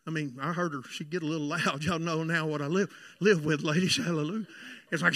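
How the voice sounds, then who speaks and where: A pastor preaching a sermon and telling a personal story, fervent and confiding by turns. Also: male voice, fairly high pitch, fairly even intonation, fairly quick, no room sound. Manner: fervent, swings between shouted preaching and hushed confiding storytelling.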